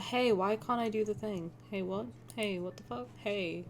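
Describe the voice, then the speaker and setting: A woman streamer chatting casually and excitably while reacting to a game, often swearing and gushing. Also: medium pitch, measured pace, hardly any pauses, slight background noise. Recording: faint game music underneath. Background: game music.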